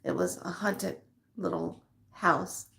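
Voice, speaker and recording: A middle-aged woman vlogger telling a personal story to her viewers in an animated, emotional way. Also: fairly low pitch, takes it slowly, gravelly. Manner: emotional, animated retelling with acted quotes. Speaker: spiritual vlogger.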